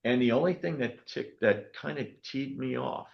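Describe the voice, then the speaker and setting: A man in his sixties, a county clerk, telling stories to a meeting in an animated way and often checking in with "okay?". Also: medium pitch, moderate pace, gravelly, highs cut off. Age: 60s. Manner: animated storytelling, frequent "okay?" check-ins. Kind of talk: public meeting talk.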